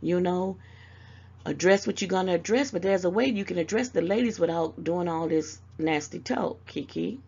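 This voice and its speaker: Gravelly older woman giving motherly advice. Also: lowish voice, darkish tone, highs cut off. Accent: Southern US. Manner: motherly scolding, calls people baby, drawn-out mm-mm. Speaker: YouTube commentator. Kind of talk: casual direct-to-camera advice.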